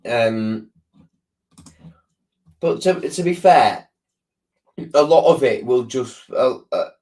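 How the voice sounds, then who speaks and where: A man's voice: medium pitch, lively intonation, slow, a little mellow. A man with a sore throat, chatting casually on a live stream and answering viewers, rambling with lots of restarts and ums. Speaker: football fan channel host.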